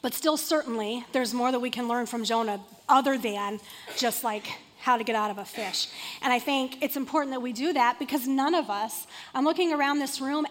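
High-voiced woman preaching in a hall. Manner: conversational and animated, acting out quotes. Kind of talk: sermon. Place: room with a seated congregation.

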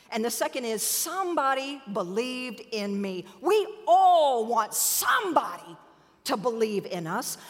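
A woman preacher delivering a sermon that builds to fervent exhortation, recorded in a church sanctuary. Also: fairly high pitch. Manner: rising to fervent, climactic exhortation. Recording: long reverb of a large hall.

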